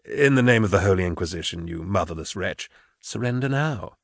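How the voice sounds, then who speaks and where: A man voicing a smooth-talking male undercover agent in an audiobook, speaking in a quiet, sly, low-voiced way. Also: lively intonation, a little fast, no room sound, clean studio sound, exaggerated voice. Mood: menacing.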